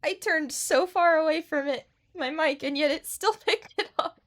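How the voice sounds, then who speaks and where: A woman's voice: high voice, normal speed, a bit bright. A woman streaming a game and chatting casually, bubbly and gushing with frequent giggles. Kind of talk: casual live-stream chat.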